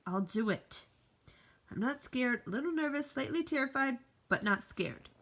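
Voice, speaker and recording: A woman's voice: sits high, expressive, moderate pace, a bit bright, heavily acted. A woman voicing an anxious male squirrel who nervously talks himself into being brave. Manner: nervous self-talk, building up courage. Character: anxious talking male squirrel, jittery worrier.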